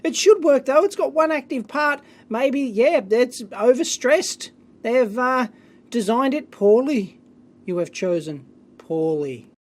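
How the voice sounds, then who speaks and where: Quick exclamations punctuate the excitable, chatty delivery of an Australian-accented man opening his mail. He hosts an electronics video as a casual, hands-on mailbag unboxing, speaking in a very high voice.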